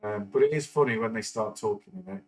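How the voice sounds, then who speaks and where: Talking fast in a fairly low voice, this middle-aged stock market livestream host from northern England chats informally, wandering through his points with lots of fillers and false starts. The recording quality is low.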